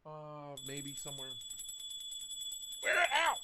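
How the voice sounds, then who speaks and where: A man's voice: fairly high pitch, lively intonation, normal speed, very noisy. A young man hosting a casual livestream, chatting loosely with his viewers, swearing freely and reading their comments aloud. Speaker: livestream host.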